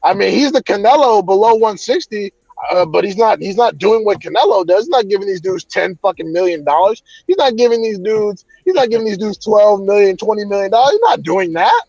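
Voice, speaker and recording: A man's voice: sits high, animated, fairly quick, a little mellow, dry recording, dull audio. A man ranting heatedly about boxing in a casual chat, cursing often. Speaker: boxing commentator.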